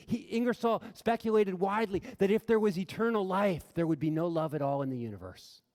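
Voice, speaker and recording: A man giving an impassioned talk to an audience in a large room. He tells stories earnestly, building to loud, emphatic bursts and then dropping quiet. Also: fairly high pitch. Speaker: speaker addressing an audience. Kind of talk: impassioned public talk with storytelling. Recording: reverberant hall sound.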